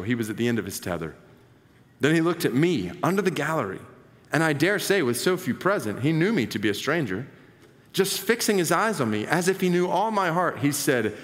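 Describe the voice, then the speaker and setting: A man's voice: fairly high pitch, big pitch swings, brisk, fairly bright tone. Earnest male preacher in a reverberant hall. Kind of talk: sermon, reading a quoted story aloud.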